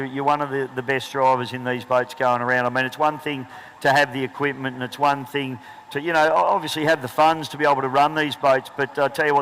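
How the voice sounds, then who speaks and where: A man's voice: mid-range voice, a bit bright, slight background noise, low-quality recording. A man with an Australian accent commentating trackside at a boat race, chatty and joking, talking into a handheld microphone outdoors.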